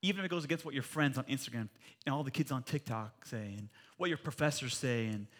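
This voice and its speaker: A man in his forties preaching a sermon in church, animated and jokey, rising to loud emphatic peaks. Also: medium pitch, fast talker. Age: 40s. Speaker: pastor.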